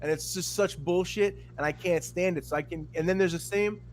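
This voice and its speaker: A man co-hosting a podcast, in casual profane chat, animated and full of mimicry. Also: high-pitched, fairly quick. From Miami. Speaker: podcast co-host.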